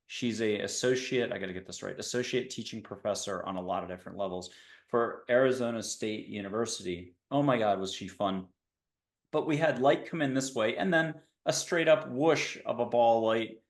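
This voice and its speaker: A man hosts a casual interview, rambling from one thought to the next and slipping in dad jokes. His voice sits at a middle pitch and rings a little in an echoey room. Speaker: podcast host. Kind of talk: casual video-call interview.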